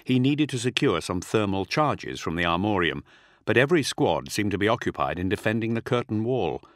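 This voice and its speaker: A middle-aged man reads a dramatic audiobook in a low voice that rises and falls a lot. His delivery is measured, and the recording is close and dry. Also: big pitch swings, fairly bright tone, dry recording. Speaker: audiobook narrator. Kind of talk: scripted audiobook narration.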